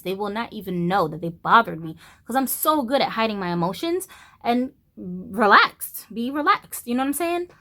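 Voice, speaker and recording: Lively, blunt woman in her thirties. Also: on the high side. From United States. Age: 30s. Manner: blunt, profane, animated. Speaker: vlogger. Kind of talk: casual storytelling rant.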